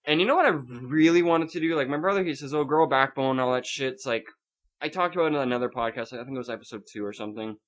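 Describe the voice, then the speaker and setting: Speaking very fast at a medium pitch, a podcast host rants about his night at the movies. He tells the story with animation in casual chat, swearing freely.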